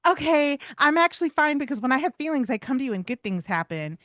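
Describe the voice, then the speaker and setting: Woman voicing a high, earnest young female dog. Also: big pitch swings, quick pace, fairly bright tone, no echo, studio quality. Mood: relieved. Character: young female dog, sensitive but reassured.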